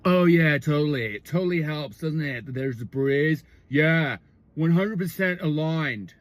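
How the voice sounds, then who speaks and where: A man's voice: on the high side, expressive, unhurried. A man voicing a laid-back young frat bro who drawls and agrees with everything. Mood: agreeable.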